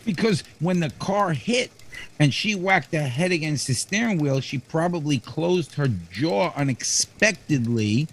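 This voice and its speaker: Man from florida, podcast co-host, jokey, slightly high voice, very lively pitch, faint noise. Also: a little slow. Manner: jokey, laughs often, acts out quoted voices. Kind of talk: comedic podcast banter.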